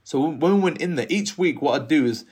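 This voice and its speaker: A man in his thirties tells a long story in casual conversation, his slightly high voice a little husky. He acts out the people he talks about and laughs often as he goes. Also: expressive, fast talker, a little mellow. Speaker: guest telling a story.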